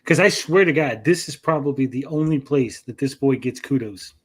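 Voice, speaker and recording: A man's voice: mid-range voice, normal speed, husky. A man co-hosting a livestream podcast, talking bluntly and profanely and mocking people with put-on quotes. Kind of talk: profane, blunt casual chat.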